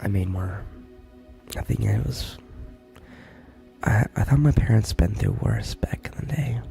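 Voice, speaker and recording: This is a whispered role-play stream. A young man speaks in a hushed, gravelly whisper with a deep, dark tone. He talks close to the mic, and faint music plays underneath. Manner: soft whispered talk, halting and rambling. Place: army barracks room.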